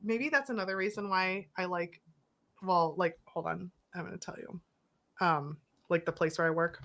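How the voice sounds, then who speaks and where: Bright-voiced woman with an Appalachian accent. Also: on the low side, normal speed. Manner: rambling, filler-heavy storytelling. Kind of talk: casual chat.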